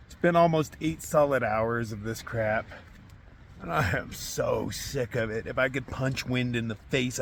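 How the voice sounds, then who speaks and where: A long-distance hiker films a camping vlog from inside a small tent during a windstorm, talking close to a handheld camera. He sounds cold, hungry, worn down and frustrated, swearing often. His medium-pitched voice is unhurried and creaky, with a little hiss or hum in the recording.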